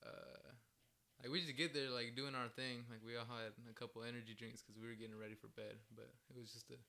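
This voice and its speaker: A man's voice: medium pitch, little pitch movement, fast, gravelly, pushed and bright. A young man telling a story in a casual podcast chat, rambling with lots of "like" and frequent laughter. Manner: rambling, heavy use of "like", laughs often.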